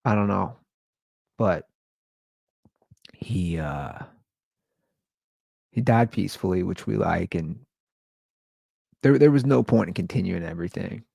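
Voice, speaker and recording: A man's voice: low-pitched, lively intonation, a little slow, vocal fry, long pauses, mellow, husky, no room sound. A man hosting his own show, talking in a somber, rambling, conversational monologue. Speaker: podcast host. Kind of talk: casual solo monologue.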